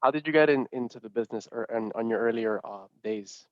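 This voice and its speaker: A man's voice: mid-range voice, fast, no room sound. A man hosting an interview, asking questions hesitantly with repeated words and lots of praise. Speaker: podcast host. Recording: slightly muffled dry audio.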